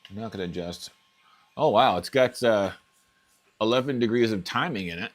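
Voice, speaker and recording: A man's voice: on the low side, moderate pace. A man hosting a casual live unboxing stream at home, thinking aloud and trailing off as he reads through settings. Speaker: RC hobby channel host.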